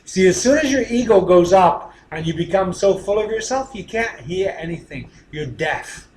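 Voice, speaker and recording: A man giving a motivational teaching talk, emphatic, often dropping to a quiet voice for effect. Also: sits high, animated, normal speed, reverberant, slight background noise. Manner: emphatic, with dramatic drops to a quiet voice. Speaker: speaker teaching a session.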